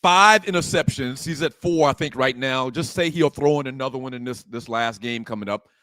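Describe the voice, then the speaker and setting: A man's voice: mid-range voice, brisk, sharp tone, no room sound. A man co-hosting a casual sports talk show, emphatic and repeating his points. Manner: emphatic, repeats points, thinks aloud with restarts.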